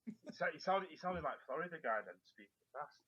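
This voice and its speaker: A man's voice: fairly high pitch, expressive, quick pace, fairly bright tone, breathy edge. Man with a dull, muffled sound. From Britain. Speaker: co-host. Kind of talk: casual chat on an internet radio show. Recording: dull lo-fi internet audio.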